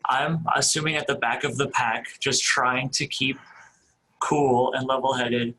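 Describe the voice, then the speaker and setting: A man's voice: mid-range voice, level tone, measured pace, bright, forceful tone, poor audio. A man speaking casually as a player in a tabletop game, hesitant with fillers.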